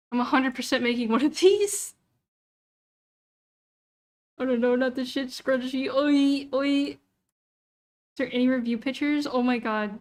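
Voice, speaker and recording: A young woman with a high voice talks loosely on a livestream. She mutters to herself as she clicks through a website and swears freely. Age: young adult. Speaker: VTuber streamer. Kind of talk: casual livestream chat.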